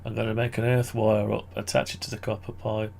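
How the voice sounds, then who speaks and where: A man's voice: lowish voice, flat delivery, fairly quick, gravelly, darkish tone, a little hiss or hum. A man walking through his amateur radio antenna project on screen, thinking aloud and correcting himself as he goes. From United Kingdom. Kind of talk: casual screen-share walkthrough.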